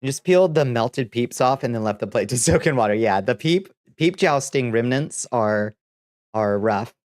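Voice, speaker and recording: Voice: medium pitch, expressive, moderate pace, a little mellow, no room sound. Congested streamer, dry close sound. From Southern United States. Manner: chatty, laughs often, trails off and restarts. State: congested, stuffy nose. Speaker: VTuber streamer host. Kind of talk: casual livestream chat, reading chat aloud.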